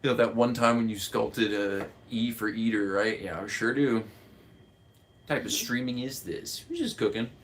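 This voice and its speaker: Here a man from the United States hosts the chat for a live cooking broadcast, speaking in a lowish, steady voice at a moderate pace with slight background noise. His talk is loose and rambling, peppered with jokes and frequent laughter.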